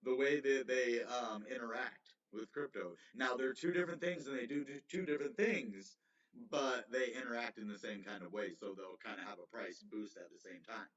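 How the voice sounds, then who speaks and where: A man's voice: mid-range voice, normal speed, fairly bright tone. A man hosting a casual crypto livestream, rambling and correcting himself, with frequent chuckles. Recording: roomy, distant, slightly dull mic.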